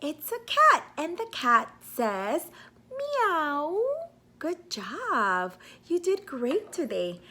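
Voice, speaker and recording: A woman speech therapist leading a slow toy play lesson for a child, stretching first sounds and making animal noises. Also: sits high, big pitch swings, bright, forceful tone, breathy edge. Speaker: speech-language pathologist.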